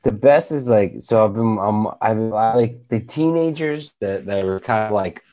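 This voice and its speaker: A young man with a somewhat low voice co-hosts a podcast in casual chat. He gets excited and repeats his points for emphasis. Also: moderate pace. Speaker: podcast co-host.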